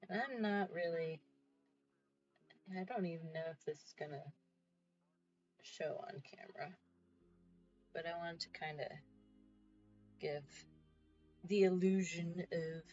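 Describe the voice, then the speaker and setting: A woman's voice: lowish voice, slow, pauses often, darkish tone, highs cut off, faint music behind. A woman chatting casually on a livestream while she paints, giggly and self-mocking. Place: home.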